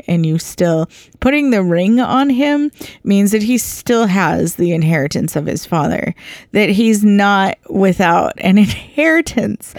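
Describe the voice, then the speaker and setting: A woman giving an informal, earnest bible teaching, halting with many restarts. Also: mid-range voice, expressive, dry recording, clean studio sound.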